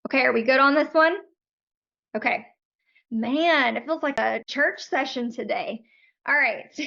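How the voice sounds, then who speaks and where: A woman's voice: high voice, a little slow, vocal fry, sharp tone, muffled recording. A woman coaching photographers on a live video call, talking in a friendly, frank and chatty way.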